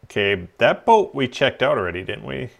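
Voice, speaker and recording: Creaky-voiced man chatting while gaming. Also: mid-range voice, big pitch swings, moderate pace. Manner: chatty, laughs often, mutters asides. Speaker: streamer. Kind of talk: casual gaming chat.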